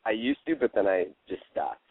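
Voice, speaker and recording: A man's voice: deep voice, sing-song, brisk, background noise. A man calling in to a show, chatting casually and jumping in eagerly. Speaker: caller. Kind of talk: casual phone chat. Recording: tinny phone line, dry.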